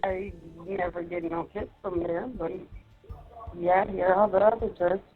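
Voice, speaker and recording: A woman on a phone call with her husband, speaking softly and answering briefly. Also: mid-range voice, fairly even intonation, moderate pace. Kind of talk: casual phone chat. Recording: tinny phone line.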